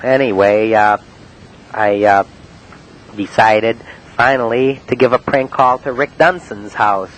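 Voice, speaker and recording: A man in a spoken-word monologue, recounting his prank calls in a halting, matter-of-fact way with many uhs and ums. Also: medium pitch, fairly bright tone, low-quality recording. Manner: halting, full of uh and um.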